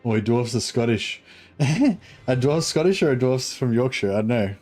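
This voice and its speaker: A gaming channel host with a mid-range, darkish male voice offers offhand commentary at a moderate pace while he plays, his intonation lively. He thinks out loud and swears now and then, with faint music in the background.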